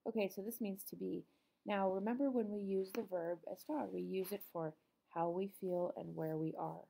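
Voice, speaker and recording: A middle-aged woman teaching a recorded Spanish lesson, explaining patiently with frequent pauses and ums. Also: mid-range voice, vocal fry, warm tone.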